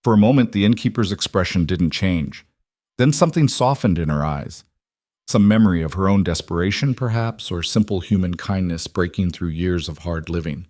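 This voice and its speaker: A man reading a romance story aloud in an even, measured narration, close on a dry mic. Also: deep voice, no echo.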